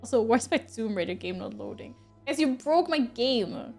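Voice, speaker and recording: A woman game streamer chatting casually with her viewers, giggling and exclaiming as she thanks them in quick bursts. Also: a little high, huge pitch swings, creaky, darkish tone, faint music behind. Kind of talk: casual live-stream chat.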